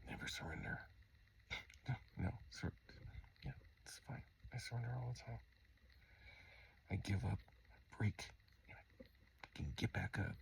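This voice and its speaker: Low, gravelly man rambling late at night. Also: normal speed, pauses often, slight background noise. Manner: rambling and self-mocking, often dropping to a mumble. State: tired, up late. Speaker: host.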